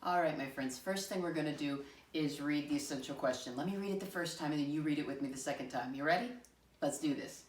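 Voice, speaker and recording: A woman teacher giving a first-grade math lesson, talking to young children in an animated, encouraging way. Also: sits low, fast talker. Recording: echoey room, mic at a distance.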